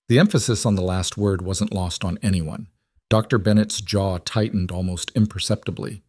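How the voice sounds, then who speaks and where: A man tells a story in a measured, even voice that sits on the low side. The recording is close and dry, with no room sound at all.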